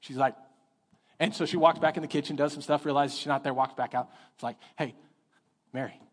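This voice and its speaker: A middle-aged man preaching a sermon as pastor, telling stories in an animated way and acting out the voices of the people in them. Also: on the high side, fast talker, husky. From Texas. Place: church sanctuary. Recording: long reverb of a church hall.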